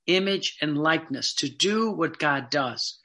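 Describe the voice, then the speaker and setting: A man's voice: fairly high pitch, lively intonation, a little slow, pushed and bright. A man giving a Catholic sermon, reading devotional passages aloud and explaining them in plain, earnest asides. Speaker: Catholic preacher.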